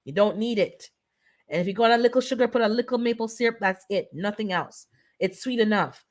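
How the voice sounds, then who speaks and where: A woman's voice: medium pitch, brisk. A woman of Caribbean and Jamaican descent hosting a casual live-stream chat, earnestly pleading with her viewers and repeating herself for emphasis. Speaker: host of a live wellness chat.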